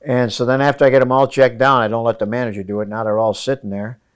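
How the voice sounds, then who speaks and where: A man, a high school running coach, giving emphatic interview answers in a hotel room and repeating his key phrases. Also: level tone, fast, clear, resonant tone.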